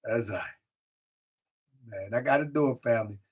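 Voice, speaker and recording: A man with a husky, medium-pitched voice and moderate pace hosts a live stream, chatting loosely and reading viewer comments aloud. He talks straight to the chat, often repeats himself, and drifts away from the mic.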